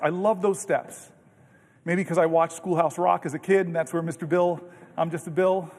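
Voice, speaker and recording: A man in his fifties, a senator giving a long floor speech, telling stories in an earnest, animated way with halting restarts. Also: sits high. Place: large legislative chamber. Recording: long reverb of a large chamber.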